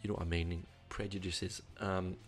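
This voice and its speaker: A man's voice: low voice, flat delivery, moderate pace, soft background music. A man giving a casual album review, rambling and hesitant, with lots of ums and restarts. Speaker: music reviewer.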